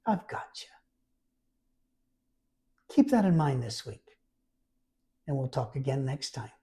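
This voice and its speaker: A man's voice: medium pitch, animated, normal speed, warm tone. A man giving a conversational sermon as a Bible storyteller, stressing key phrases by repeating them.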